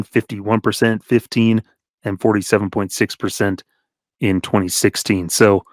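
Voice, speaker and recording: A man talking sports with a relaxed, chatty delivery, rattling off numbers and laughing between them. His voice sits fairly low, and the recording is close and dry with no room sound. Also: dry recording. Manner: reels off stats, chuckles often. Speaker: podcast co-host. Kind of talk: casual sports chat.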